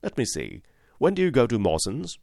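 A man voicing a brisk, sharp-spoken middle-aged financial agent who flatters and talks up a job offer in an audiobook. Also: mid-range voice, creaky, no echo, clean studio sound, pitched above the performer's own voice. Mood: flattering. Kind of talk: audiobook character voice.

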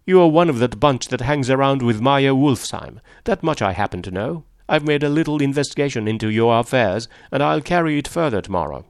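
A man voicing an arrogant wealthy man who speaks loudly and sneers with contempt, his voice gravelly. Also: medium pitch, expressive, a little fast, few pauses, dry recording, clean studio sound, pitched above the performer's own voice, lightly acted. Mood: accusing. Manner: loud, sneering, forceful.

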